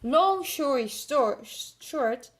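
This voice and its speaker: High-voiced woman retelling a story. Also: slow pace. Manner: animated storyteller, laughs often, acts out scenes. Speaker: podcast co-host. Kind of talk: casual chat.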